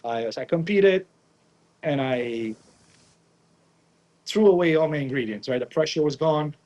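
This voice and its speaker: A man's voice: fairly high pitch, a little slow, lo-fi sound. A young man from the Naples area, a pizza chef guest, telling a story in a casual interview, acting out quotes and tagging lines with "right?". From Naples area, Italy. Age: young adult. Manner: animated, acts out quotes, frequent "right?" tags.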